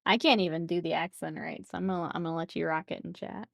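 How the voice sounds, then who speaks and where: A woman's voice: fairly low pitch, fairly even intonation, quick pace, vocal fry, fairly bright tone, no echo, studio quality. A woman streaming while she paints miniatures, chatting playfully with viewers and laughing often. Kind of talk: casual chat with live chat while painting.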